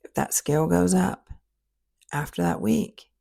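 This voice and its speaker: Podcast host, woman, deep gravelly voice, direct motivational coach who hammers points home. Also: big pitch swings, measured pace, warm tone. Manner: direct coaching, emphatic repetition.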